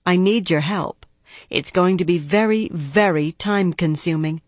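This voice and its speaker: A woman reading the lines of a cautious female prosecutor in an audiobook, deliberate and precise. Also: on the low side, no room sound. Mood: probing. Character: guarded, measured female prosecutor, middle-aged.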